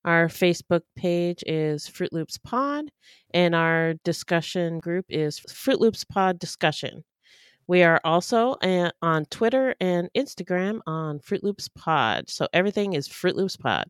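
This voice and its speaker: A woman co-hosting a podcast, giving practical advice and show details in a steady, matter-of-fact way. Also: on the low side, measured pace, smooth, no echo, clean studio sound. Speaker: podcast co-host. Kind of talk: casual podcast chat.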